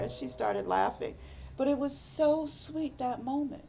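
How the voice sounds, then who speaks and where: A woman meditation teacher giving a slow, reflective dharma talk that often drops to a soft, whispery hush. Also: high voice, huge pitch swings, a little hiss or hum. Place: meditation center hall.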